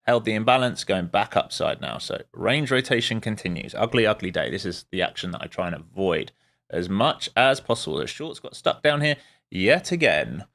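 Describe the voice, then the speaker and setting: A man's voice: lowish voice, sing-song, normal speed, gravelly, fairly bright tone. A man streaming live as a day trader, giving casual, wry commentary with muttered asides to his viewers.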